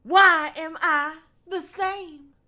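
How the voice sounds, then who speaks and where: A woman's voice: very high voice, steady tone, drawn-out words, pushed and bright, voice pushed up, heavily acted. A woman putting on the raised, overly sweet voice of an eager teenage girl. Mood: uneasy.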